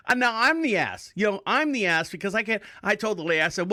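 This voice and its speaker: Animated man telling a story. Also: sits high, fast, no room sound, clean studio sound. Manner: animated, acts out voices of others in quotes. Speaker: podcast host. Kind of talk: casual storytelling monologue.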